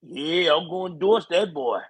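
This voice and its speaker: Older male politician, blustering, scolding, commanding, husky tone, dry sound, put on by a man. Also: on the high side, expressive, normal speed, no echo. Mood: bossy. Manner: commanding, scolding, folksy drawl.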